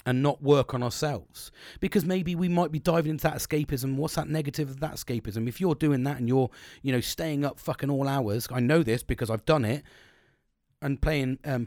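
Middle-aged British bloke, co-host, mid-pitched, dry close sound, blunt and sweary, rambling casual talk. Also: male voice, darkish tone, dry recording. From Britain. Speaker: podcast co-host. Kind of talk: casual chat.

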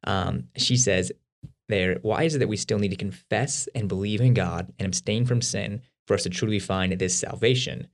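A man co-hosting a podcast, explaining faith ideas quickly in a casual, conversational way with everyday examples. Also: lowish voice. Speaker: podcast co-host.

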